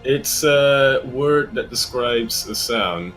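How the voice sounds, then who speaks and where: Animated man casting a strategy game. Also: medium pitch, slow, faint music behind, rough recording. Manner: playful, jokey banter. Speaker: esports caster. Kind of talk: casual live game commentary.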